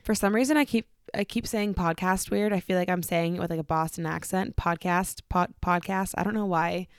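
A woman's voice: fairly low pitch, a little fast, clean tone, no room sound, studio quality. A young woman hosting her own podcast, talking chattily and bubbling over with enthusiasm, sometimes poking fun at herself. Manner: bubbly, chatty and self-deprecating. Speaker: podcast host. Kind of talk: solo podcast intro.

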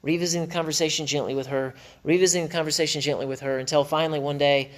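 A man's voice: a little high, fairly even intonation, rapid-fire. A middle-aged man hosting a marriage podcast, teaching in an emphatic, preacher-like way and repeating phrases for stress.

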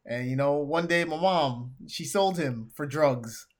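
A man's voice: on the high side, unhurried, close to an everyday voice. A man voicing a crude, tactless supervillain while retelling a comic scene. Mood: mocking.

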